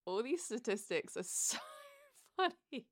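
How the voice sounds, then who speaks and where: A woman's voice: on the high side, big pitch swings, measured pace, no echo, studio quality. A young British woman with a British accent co-hosting a podcast, talking candidly in casual chat. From Britain. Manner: candid, chatty. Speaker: podcast co-host.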